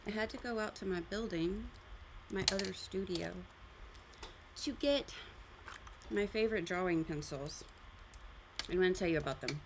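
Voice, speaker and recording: A woman's voice: on the low side, moderate pace, long pauses, noisy background. A woman hosting a casual live art stream, chatting loosely and explaining her drawing pencils as she goes. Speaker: art livestream host. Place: art studio.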